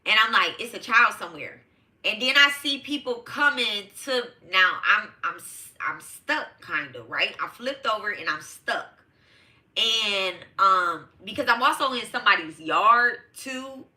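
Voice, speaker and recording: A middle-aged woman from Detroit, host of a live tarot show, tells her live audience a personal story, casual, emphatic, and profane, calling them y'all. Her medium-pitched voice is animated, bright, and forceful, a little slow.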